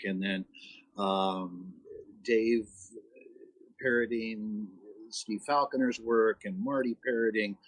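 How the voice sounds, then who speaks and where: A man calling in to a live talk show, speaking earnestly and hesitantly with many pauses. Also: medium pitch, dry recording, low-quality recording. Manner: hesitant, lots of ums, earnest. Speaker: caller. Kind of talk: call-in conversation.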